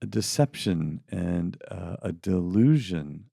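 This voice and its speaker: A middle-aged man with a low, gravelly voice co-hosts a faith podcast in a dry, close-miked sound. His talk is casual and animated, and he slips into mocking voices when he quotes people. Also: takes it slowly, no echo. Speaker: podcast co-host.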